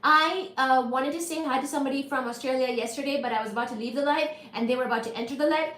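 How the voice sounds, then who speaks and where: On a casual livestream, a lively woman chats with viewers, reads their comments, and fires off playful greetings in rapid repeated bursts. Her voice is high and bright, and the room around her has a noticeable echo.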